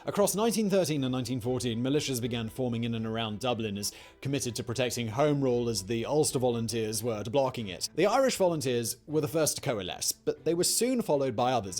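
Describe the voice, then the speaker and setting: A man's voice: medium pitch, darkish tone. A man narrating a scripted history piece with wry, jokey asides. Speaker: documentary narrator.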